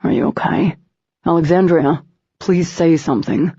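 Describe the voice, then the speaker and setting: A woman voicing a gentle young male warrior who is calm and protective, speaking softly and reassuringly in an audiobook. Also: fairly low pitch, moderate pace, no echo, close to an everyday voice. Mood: concerned. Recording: dull lo-fi recording.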